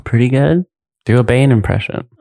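Gravelly man rambling on a podcast. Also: mid-range voice, moderate pace, warm tone, no room sound. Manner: rambling storyteller, filler-heavy, giggly. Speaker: podcast co-host. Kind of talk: casual comedic chat.

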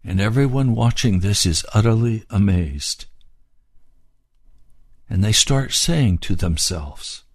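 A man's voice: on the low side, animated, slow pace, pauses often, dry recording, clean studio sound. A man preaching a sermon, explaining scripture phrase by phrase. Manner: expository, explaining scripture word by word.

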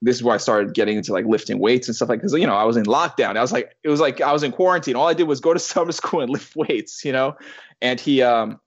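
A man's voice: mid-range voice, fast talker, lo-fi sound. A man in his thirties telling a personal story in casual conversation, rambling with restarts and the odd curse word. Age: 30s. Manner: rambling, with many restarts and swearing.

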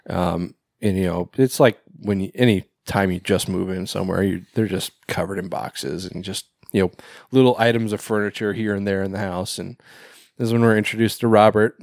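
A man's voice: fairly low pitch, a little mellow, no echo. Guy on a movie podcast, rambly recap, lots of ums, dry close sound. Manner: rambling recap with many fillers and laughs. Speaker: podcast co-host. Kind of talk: casual film review chat.

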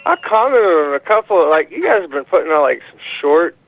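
A man calls in over a tinny, phone-like line that sounds very dry. His voice sits high for a man, and he rambles along with constant fillers and swearing. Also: sing-song, no room sound. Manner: rambling, profane, halting with many fillers. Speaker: caller. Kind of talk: call-in rant. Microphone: phone call.

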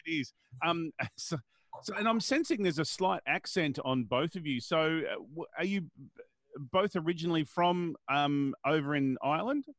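A man's voice: fairly high pitch, expressive, moderate pace, fairly bright tone, no room sound. A man hosting an interview, asking questions in a friendly, slightly hesitant way. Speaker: interview host. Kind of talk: casual interview.

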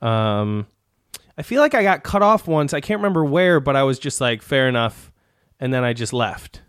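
A man's voice: medium pitch, animated, moderate pace, fairly bright tone, clean tone, no echo, studio quality. A man co-hosting a podcast, talking in a rambling, casual way with plenty of swearing and laughter. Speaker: podcast co-host. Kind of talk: casual chat.

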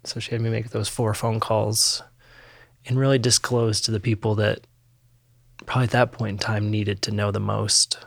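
A man, a podcast guest, giving candid personal testimony in a halting, reflective way with many pauses and ums. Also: fairly low pitch, level tone, gravelly, no echo.

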